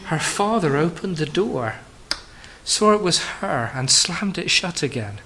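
A man preaching a sermon to a congregation, addressing them as friends, rising for emphasis and dropping soft and low on key phrases. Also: very animated, a little slow, poor audio.

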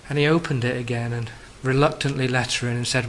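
A man preaching a sermon to a congregation, addressing them as friends, rising for emphasis and dropping soft and low on key phrases. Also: a little fast, hardly any pauses, a little hiss or hum, rough recording.

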